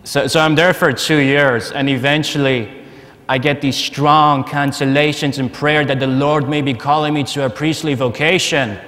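A man giving a personal testimony at a conference, telling his story in a lively way and laughing often. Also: on the high side, moderate pace. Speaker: conference speaker. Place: large conference hall. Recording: long hall reverb, faint noise.

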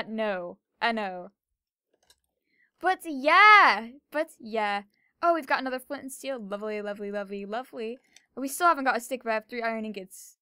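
A young woman giving fast, chatty, excitable commentary while playing a video game. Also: a little high, clean tone, no echo, studio quality. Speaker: gaming video creator. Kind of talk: casual gameplay commentary.

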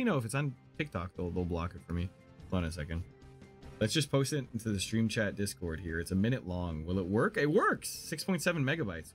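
Casting: male streamer, excitable and gushing, pitch swinging widely, faint music underneath. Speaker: game streamer. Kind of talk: casual live-stream chat. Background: faint anime music.

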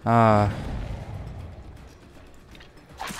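Gravelly young man narrating gameplay. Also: fairly low pitch, slow, a little hiss or hum. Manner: chatty, self-talking, bursts into excited yelling. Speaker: gaming YouTuber. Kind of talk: casual gameplay commentary.

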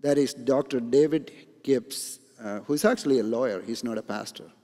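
Pastor preaching in a reverberant church. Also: male voice, mid-range voice, normal speed, dark tone. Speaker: senior pastor. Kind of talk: sermon. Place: church sanctuary.

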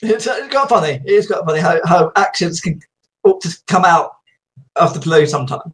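High-pitched man, slightly croaky, rambling casual chat, laughs often. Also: lively intonation, moderate pace. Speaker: host.

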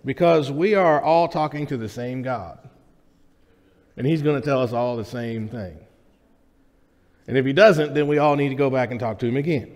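A man's voice: medium pitch, moderate pace, long pauses, darkish tone. A man preaching a sermon to his congregation in a conversational, joking way, often checking in with the room. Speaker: pastor. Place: church sanctuary. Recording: reverberant church hall.

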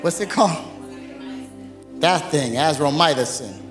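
High-pitched pastor guy preaching, chatty and joking, echoey church hall. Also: measured pace, music in the background. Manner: lively, conversational preaching with humor. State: recovering from bronchitis. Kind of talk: sermon. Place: church sanctuary.

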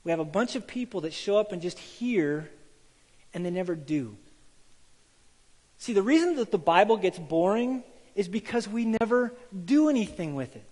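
In a large hall, a pastor preaches in a high-pitched voice with a breathy edge, at a moderate pace. He narrates stories animatedly and acts out the voices of their characters.

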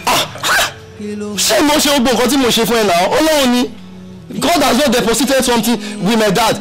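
Loyal young Nigerian man, high-pitched, soothing friend, music underneath. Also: fairly quick, poor audio. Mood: pleading. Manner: soothing, mixes Yoruba and English. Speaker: film character. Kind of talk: Nollywood film acting. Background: film score.

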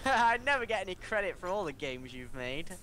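A man's voice: high voice, sing-song, normal speed, sharp tone, slight background noise. A man co-hosting a let's play, chatting casually and teasing his friend with jokes. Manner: teasing, joking banter. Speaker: co-host. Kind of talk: casual chat over gameplay.

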